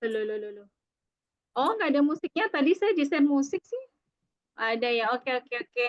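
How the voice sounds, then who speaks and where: A woman with an Indonesian accent giving a halting presentation on an online call, full of fillers and restarts. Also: high voice, lively intonation, lo-fi sound. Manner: hesitant, many fillers. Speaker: student presenter. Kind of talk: halting presentation in a second language.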